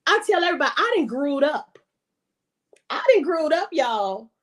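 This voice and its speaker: High-voiced woman, emphatic faith testimony. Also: big pitch swings, normal speed. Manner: emphatic, repeats phrases for emphasis. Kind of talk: casual faith testimony on a podcast.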